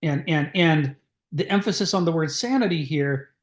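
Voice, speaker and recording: A man's voice: on the high side, normal speed, reverberant. A man leading a group discussion, reading from a philosophy book and commenting on it in a discursive way, with many restarts. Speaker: discussion leader.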